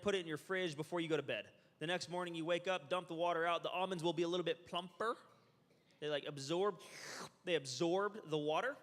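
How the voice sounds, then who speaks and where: A man presenting at a health seminar, lecturing a live audience in an energetic, joking way and quizzing them. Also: a little high. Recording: reverberant hall.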